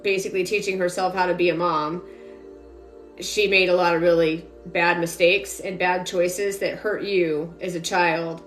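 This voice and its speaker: A young adult woman giving a psychic reading on a live stream, rambling with lots of filler words. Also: mid-range voice. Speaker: psychic medium. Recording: roomy echo, faint music behind.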